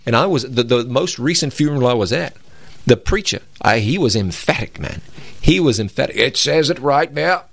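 A man's voice: mid-range voice, animated, a little fast. A man co-hosting a religious broadcast, speaking emphatically in a preacherly way and quoting scripture. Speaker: co-host of a Bible program.

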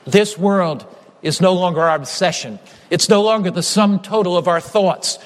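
A man preaches a sermon with a fairly high voice. He is earnest and emphatic, driving his points home through repetition. His voice rings with the long reverb of a large hall. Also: moderate pace.

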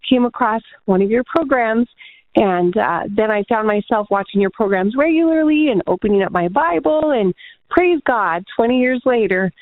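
A woman's voice: a little high, lively intonation, normal speed, dry recording. A woman calling in to a Bible radio show, earnestly sharing a testimony before asking her question. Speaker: caller. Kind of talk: phone call to radio show. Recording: tinny phone line.

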